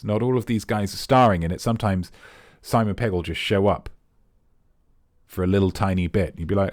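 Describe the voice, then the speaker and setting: A man's voice: low voice, normal speed, dry recording, studio quality. A man hosting a trivia quiz, reading out questions and answers in a casual, playful way with jokey, rambling asides. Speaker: quiz host.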